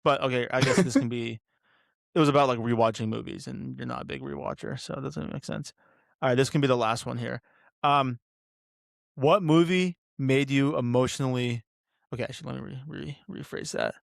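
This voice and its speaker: A man's voice: mid-range voice, brisk, creaky, dry recording, studio quality. A man hosting a casual podcast, asking questions in a laid-back, hesitant way. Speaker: podcast host.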